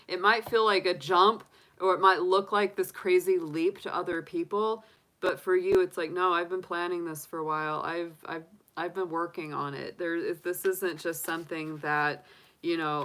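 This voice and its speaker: A woman reads tarot cards in a relaxed, chatty livestream. She talks in an upbeat way and fills her sentences with ums and you-knows. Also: on the low side, rough recording. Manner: chatty, upbeat, filler-heavy. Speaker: tarot reader. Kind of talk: casual livestream reading.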